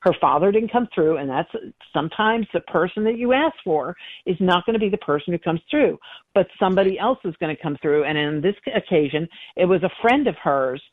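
A woman giving an interview as a psychic guest, earnestly recounting her readings in an unhurried storytelling way. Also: fairly low pitch, animated, no echo. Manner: earnest storyteller, repeats words, laughs easily. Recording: tinny phone line.

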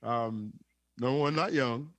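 A man's voice: mid-range voice, measured pace, fairly bright tone, no echo. A man co-hosting a podcast from his garage, chatting in a laid-back way and laughing easily. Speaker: co-host. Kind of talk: casual chat.

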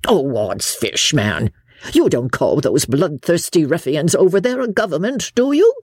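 A woman's voice: deep voice, big pitch swings, measured pace, husky, dry recording, clean studio sound, voice pushed up, exaggerated voice. A woman playing a bluff, brash English lady. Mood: scornful. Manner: blunt, loud, jockey-like bluster. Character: bluff, coarse-mannered English noblewoman.

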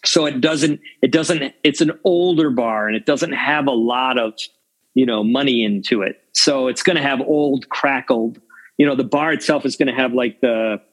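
A man's voice: medium pitch, normal speed, slightly rough, rough recording. A man talking casually in an interview about cinematography, rambling with many restarts and "you know"s. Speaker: cinematographer guest.

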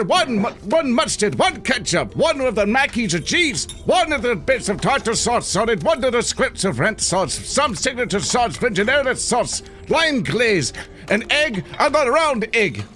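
A man voicing a fussy, stout male tavern customer who reels off an endless sandwich order in a bright, high voice. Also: exaggerated voice. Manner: rattles off an endless order, then blusters threats.

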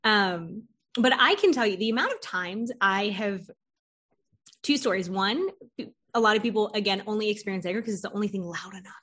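A woman hosts a casual interview in an animated, lively way. She acts out her clients' lines as she tells stories, swears now and then, and laughs often. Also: mid-range voice, brisk, slightly rough. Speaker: podcast host and therapist.

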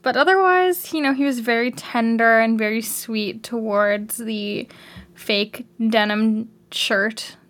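A woman's voice: fairly high pitch, takes it slowly, a bit bright. A Canadian woman co-hosting a podcast, chatting casually and laughing often. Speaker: podcast co-host. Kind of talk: casual chat.

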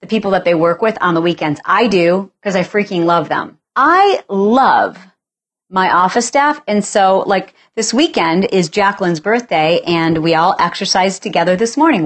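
Chatty animated woman podcast host. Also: mid-range voice. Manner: chatty, animated, acts out dialogue with playful exaggeration. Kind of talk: casual solo talk.

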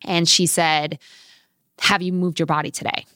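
A woman's voice: on the low side, normal speed, dry recording, clean studio sound. A woman in her thirties, a fitness instructor, telling stories animatedly as a guest in a podcast interview. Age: 30s. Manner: animated, vivid storyteller.

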